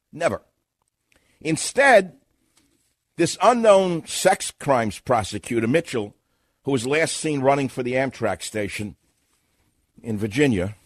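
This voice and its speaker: A man's voice: medium pitch, no echo. An older man hosts a talk radio show and rolls through a sarcastic, mocking monologue. He acts out a mock questioning. His voice sits dry and close on the studio mic.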